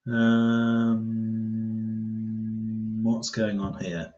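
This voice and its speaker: A man chatting casually on a live stream as a golf YouTuber, rambling and reading viewer comments aloud. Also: on the low side. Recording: roomy, dull lo-fi sound.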